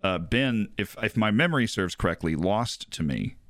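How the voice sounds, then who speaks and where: A man's voice: lowish voice, animated, moderate pace, a bit bright, no room sound. A man co-hosting a casual podcast, teasing his co-host and poking fun at himself. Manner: jokey, teasing, self-deprecating.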